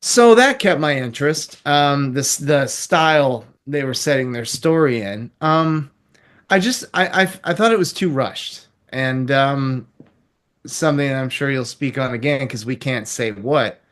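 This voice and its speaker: A man's voice: medium pitch, expressive, unhurried, a bit bright. A man reviewing a film in casual chat, rambling and chuckling as he talks.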